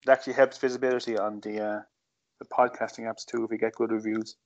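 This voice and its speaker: A man's voice: fairly low pitch, level tone, quick pace, highs cut off. A man running a podcast quiz in a mock-indignant, hesitant way. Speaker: podcast co-host and quizmaster. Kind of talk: casual banter.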